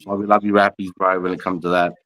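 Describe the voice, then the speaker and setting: A man with a slightly low voice and an Australian accent rambles through casual live commentary. He talks bluntly and swears freely, addressing chat as he goes. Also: flat delivery, fast talker, fairly bright tone, poor audio. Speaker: livestream host, veteran.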